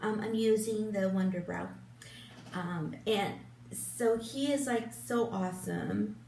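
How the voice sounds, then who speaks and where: A woman in her fifties chats slowly and unhurriedly as she gets ready, rambling with plenty of ums and restarts. She sits a bit back from the camera in a room with a roomy echo. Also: medium pitch, creaky, a little mellow, far from the mic, a little hiss or hum. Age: 50s. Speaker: beauty vlogger. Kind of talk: casual get-ready-with-me chat. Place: room at home in front of a big lit mirror. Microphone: camera a little way off, turned sideways.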